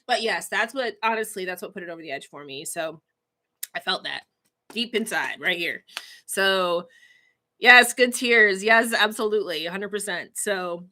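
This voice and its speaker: A woman's voice: medium pitch, animated, moderate pace, pushed and bright. A woman hosting a casual livestream announcement, emotional and laughing as she chokes up reading comments. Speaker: livestream host, coach.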